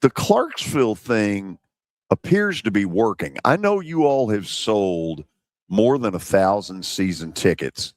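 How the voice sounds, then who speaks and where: A man hosts sports talk radio in a low voice that swings lively up and down. He talks in a relaxed, conversational way, and the sound is dry and close. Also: unhurried, dry recording. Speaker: radio host.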